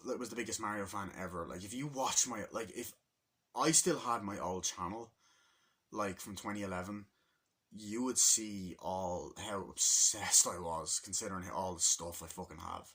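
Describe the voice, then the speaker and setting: A young man giving a rambling, excitable spoken movie review, acting out scenes from the film. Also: normal speed, slightly rough. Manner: rambling, excitable, acts out scenes in high voices.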